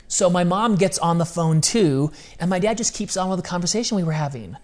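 A man in his thirties, a guest telling a personal story in casual chat, animated and full of slang. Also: high-pitched, fairly quick, few pauses. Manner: animated, casual slang, acts out quoted voices.

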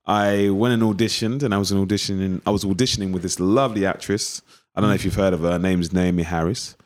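A man's voice: sits low, fast talker. A man from East London with a local accent, an actor telling stories in an interview and acting out old conversations. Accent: East London English. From East London, England. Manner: animated storyteller acting out past conversations. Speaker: actor guest. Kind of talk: interview storytelling.

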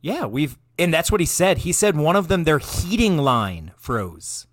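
A man's voice: a little high, a little slow, dry recording, studio quality. A man co-hosting a podcast, chatting casually and laughing often with friends. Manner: laughs often, lively swearing banter. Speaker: podcast co-host. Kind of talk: casual chat.

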